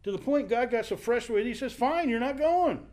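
A man with a notably high voice preaching through a Bible story. He keeps it conversational and acts out the people he quotes as he retells it. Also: animated, normal speed, darkish tone. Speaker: Bible teacher. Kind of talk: sermon.

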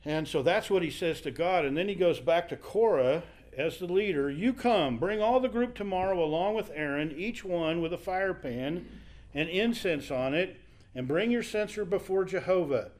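A man's voice: sits high, lively intonation, normal speed, a little mellow. A man teaching a Bible passage in a conversational sermon, acting out the quoted speakers as he goes.

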